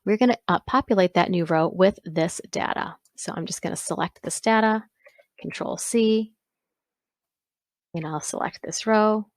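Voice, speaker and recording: A woman instructor talking through a software exercise step by step, pausing to correct herself along the way. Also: mid-range voice, no room sound. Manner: step-by-step, self-correcting with small asides. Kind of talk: screen-recorded software walkthrough.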